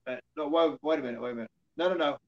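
A man's voice: a little high, rapid-fire, dull audio. Rambling man with a drawl. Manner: rambling anecdotes with fillers, acting out quoted dialogue. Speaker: interview guest, former wrestler. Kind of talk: casual storytelling in an interview.

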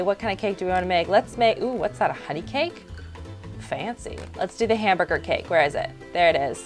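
A young woman hosting casual gameplay commentary, chatty and excitable, narrating each step aloud. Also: mid-range voice. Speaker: gaming YouTuber, host.

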